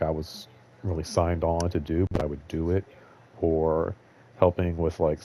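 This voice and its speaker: A man's voice: low voice, mellow, a little hiss or hum. A young man hosting his own show, talking in a loose, rambling way, full of fillers and blunt swearing. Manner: rambling, filler-heavy, candid and profane. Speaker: show host. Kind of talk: casual rambling monologue.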